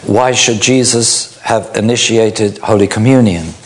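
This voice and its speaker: A man preaching a sermon, slow and illustrative, acting out little mock quotes to make his point. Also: lowish voice.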